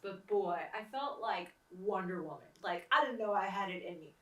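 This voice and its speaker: A woman's voice: mid-range voice, lively intonation, moderate pace, far from the mic. A woman hosting her own show, telling stories casually and laughing often as she talks. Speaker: host interviewing herself. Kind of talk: casual anecdotal storytelling. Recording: echoey room, voice a bit off-mic.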